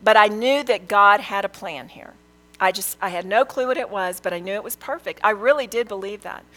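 A woman's voice: mid-range voice, a little fast, fairly bright tone, poor audio. An older woman, a grandmother, giving an earnest, emphatic testimony, repeating phrases for weight. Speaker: speaker sharing a testimony. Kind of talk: testimony sermon.

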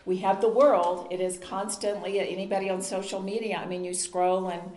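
A woman's voice: medium pitch, steady tone, normal speed, a little mellow. A woman teaching a Bible study group in an earnest, conversational sermon style, asking the group questions. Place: meeting room with a group. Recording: roomy echo.

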